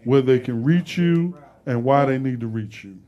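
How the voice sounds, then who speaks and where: A man's voice: mid-range voice, moderate pace, warm tone, lo-fi sound. A man hosting a live talk show, chatting casually and joking, with loose conversational phrasing. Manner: joking and playful, breaks into laughter.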